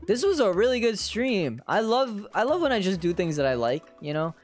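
Hyped streamer playing a cozy game, jokey, pitch jumps all over, little bit of music under it. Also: moderate pace. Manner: excitable, joking, talks to the game. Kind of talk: casual gameplay commentary.

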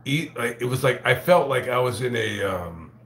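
A man hosting a casual livestream, telling a profane, rambling story full of halting restarts. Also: mid-range voice, expressive, vocal fry, a bit bright, reverberant. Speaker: livestream host reading super chats.

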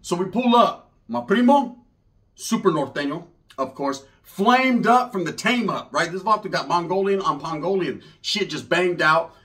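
A comedian from Northern California telling a comic story in loose, slangy speech. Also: male voice, high-pitched, expressive, moderate pace, fairly bright tone. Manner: loose, slangy, conversational delivery.

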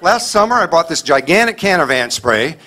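A man performing a stand-up comedy set to a live audience, punchy and loud, acting out little bits of dialogue. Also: on the high side, very animated, moderate pace. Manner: loud, punchy delivery with voiced bits and asides. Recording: live show with crowd noise. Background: audience laughter.

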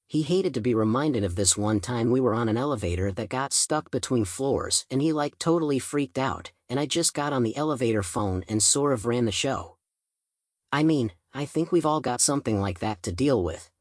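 A man narrates an audiobook in the first person, relaxed and chatty like a teenager telling a story. His voice sits in a middle range, and the recording is dry and close, with no room echo. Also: mid-range voice. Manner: casual teen-style storytelling.

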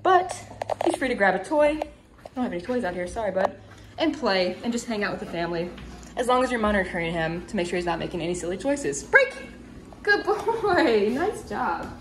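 A woman dog trainer giving a calm, matter-of-fact demonstration inside a house, explaining to viewers between brisk praise for her dog. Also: mid-range voice, background noise. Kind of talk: instructional demonstration.

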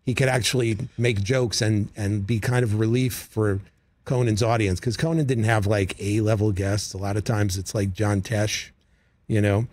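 A man, a comedy writer and guest, telling stories casually in a radio studio, animated, with quick asides and acted-out quotes. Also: on the low side, dry recording. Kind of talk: casual interview storytelling.

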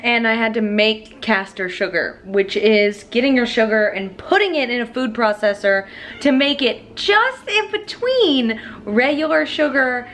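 A woman's voice: a little high, animated, a little slow, a bit bright. A woman vlogger chatting casually as she bakes in her home kitchen, joking and laughing at herself often. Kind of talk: casual baking vlog chat.

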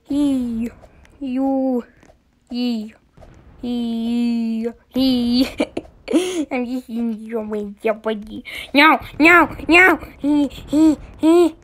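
A woman giving casual gameplay commentary, excitable, often shrieking and giggling as she plays. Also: on the high side, extremely slow.

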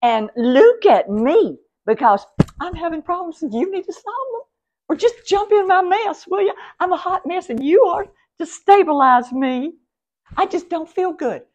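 A woman's voice: very high voice, expressive, moderate pace, darkish tone, pitched above the performer's own voice. A woman putting on the voice of a needy, whiny woman who craves attention and speaks in an overwrought, pleading way. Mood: melodramatic.

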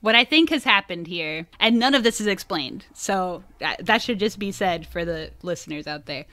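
A woman's voice: fairly low pitch, lively intonation, normal speed, sharp tone, dry recording. A woman hosting a casual film podcast, recapping research with frequent laughs and filler likes. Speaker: podcast host.

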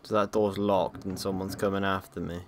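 A man's voice: sits low, flat delivery, normal speed, slight background noise. A young man playing a horror game, narrating his gameplay, jumpy and swearing and yelping at scares. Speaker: gaming YouTuber.

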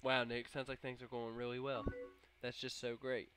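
A young man doing let's play commentary, with excitable, jokey and profane reactions. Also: mid-range voice, moderate pace, soft background music. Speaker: gameplay commentator.

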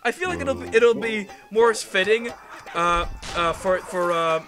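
A man giving casual, rambling commentary while playing a game, excitable and swearing freely. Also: high-pitched, unhurried. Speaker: gameplay commentator. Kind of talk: casual let's-play commentary. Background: game music.

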